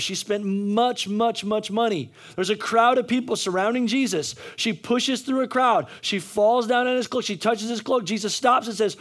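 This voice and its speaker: A male pastor preaching a sermon in a notably high voice. He pushes his points hard, repeats lines for effect and stumbles into restarts as he goes. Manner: emphatic, repetitive preaching with frequent restarts.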